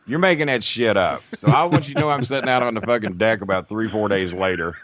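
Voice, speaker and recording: Man, podcast guest, low voice, lively profane storyteller, dull lo-fi sound. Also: quick pace, crowd noise. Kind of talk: casual storytelling.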